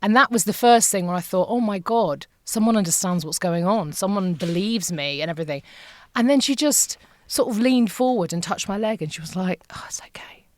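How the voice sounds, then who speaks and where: A middle-aged woman speaks as a podcast guest, sharing a painful personal story in a candid, halting way. She often repeats phrases and trails off. The recording is close and dry. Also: mid-range voice, darkish tone, no room sound.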